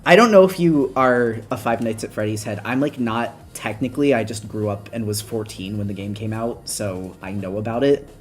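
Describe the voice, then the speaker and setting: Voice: medium pitch, moderate pace, hardly any pauses. Chatty young adult host, rambling. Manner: rambling, laughs often, lively asides. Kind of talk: casual chat.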